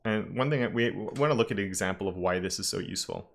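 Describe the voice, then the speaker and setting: A man's voice: lowish voice, quick pace, gravelly. A man teaching a live-streamed coding lesson, talking casually and thinking aloud with frequent self-corrections. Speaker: web development instructor.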